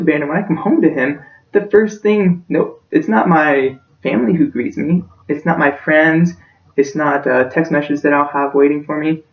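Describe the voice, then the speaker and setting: A young man giving a practice persuasive speech for a class, earnest and emotional, his voice close to breaking. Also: on the high side. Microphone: self-recorded from a distance. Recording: echoey room, distant dull-sounding mic.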